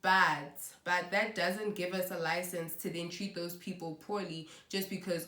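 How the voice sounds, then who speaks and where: A woman's voice: fairly low pitch, fairly even intonation, measured pace, fairly bright tone. A woman giving an earnest, conversational faith talk to camera as a Christian vlogger, with many "you know"s. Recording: echoey room.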